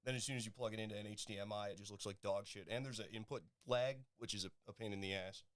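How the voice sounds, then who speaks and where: A man's voice: fairly low pitch, fairly even intonation, fast, a bit bright. A man co-hosting a casual podcast, chatting in a laid-back way and swearing casually. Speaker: guest co-host.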